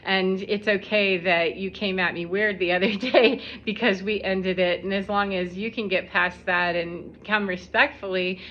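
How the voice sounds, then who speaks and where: A woman's voice: mid-range voice, steady tone, normal speed, hardly any pauses. A woman talking casually to camera about spiritual life and her encounters with people, rambling and reflective, laughing often as she goes. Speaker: spiritual vlogger. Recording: slightly dull lo-fi audio.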